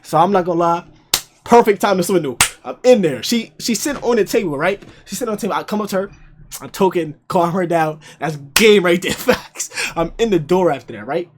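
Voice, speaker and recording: A young man telling a party story in a casual storytime, slangy and animated, with frequent laughs. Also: sits high, brisk, background noise.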